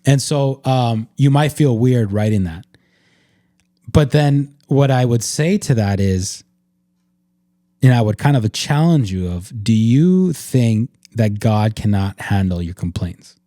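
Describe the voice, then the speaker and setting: Earnest, mellow-voiced man hosting a podcast. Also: mid-range voice, animated, slow pace, no echo, studio quality. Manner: reflective, earnest, filler-heavy with frequent "like". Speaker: podcast host. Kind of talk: casual faith-based chat.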